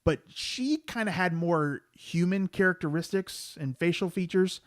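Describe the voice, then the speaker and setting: A man's voice: high voice, measured pace, no echo, clean studio sound. A man co-hosting a movie podcast in laid-back casual chat, hesitating often. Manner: laid-back, many ums and uhs. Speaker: podcast co-host.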